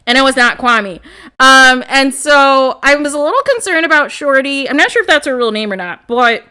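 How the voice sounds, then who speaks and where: A young woman giving casual, animated reaction commentary on a reality show, exclaiming and laughing as she talks. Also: sits high, moderate pace.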